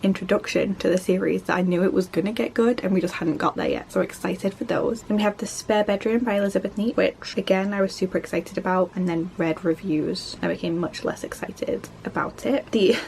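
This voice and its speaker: A woman chatting casually as a book vlogger, rambling quickly and poking fun at herself. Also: on the low side, creaky, a little mellow, a little hiss or hum. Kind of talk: casual chat.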